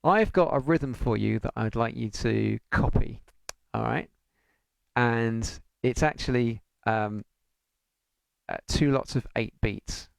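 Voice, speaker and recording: A man's voice: medium pitch, takes it slowly, vocal fry. A man teaching an online piano lesson, patiently counting beats aloud and singing rhythm syllables.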